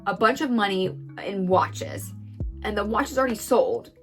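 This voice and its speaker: A woman's voice: medium pitch, faint music behind. A woman recapping someone else's story in a chatty way, acting out the quotes. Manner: brisk, chatty, acts out quotes. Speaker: commentator retelling a story.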